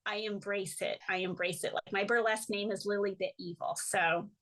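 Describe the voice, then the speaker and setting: A woman guest in an interview, telling lively stories, often laughing and acting out the voices of the people she quotes. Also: mid-range voice, a little fast, rough recording. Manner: animated storyteller, laughs often. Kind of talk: casual storytelling interview.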